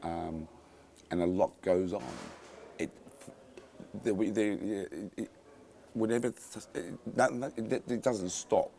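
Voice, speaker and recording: A man with a deep, low voice talks casually about his film on location in a tropical cave. He stumbles through repeated starts and fillers but stays enthusiastic. A faint hum of ambience sits behind him. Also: slow, creaky, long pauses, warm tone. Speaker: film director interviewed on set. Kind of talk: casual on-set interview.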